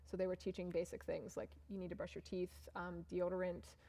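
A woman's voice: fairly low pitch, little pitch movement, brisk, dark tone. A young woman gives a casual talk from the front of a church, walking through her slides. She is chatty and self-mocking, and her voice jumps up when she reaches the funny parts. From Maine, USA. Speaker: church mission trip speaker.

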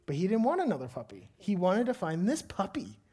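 A man, a father of a young child, preaching as a pastor and telling a lively personal story before slowing into earnest prayer. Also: high-pitched.

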